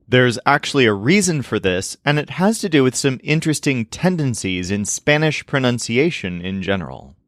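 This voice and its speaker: A man teaching a language lesson, explaining step by step and sounding out example words slowly and carefully. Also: medium pitch, a bit bright, no room sound, clean studio sound.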